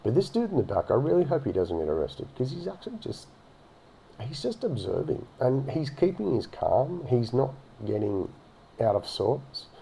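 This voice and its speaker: A man's voice: medium pitch, sing-song, moderate pace, gravelly, dark tone, a little hiss or hum. A man giving sarcastic, swear-filled commentary while reacting to a video. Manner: sarcastic, swears freely, mocking asides. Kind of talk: casual profane commentary over a video.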